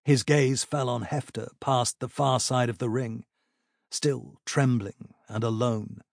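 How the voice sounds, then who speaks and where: A man narrating a fantasy battle audiobook in a measured, even storytelling manner. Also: mid-range voice, creaky, no echo, clean studio sound.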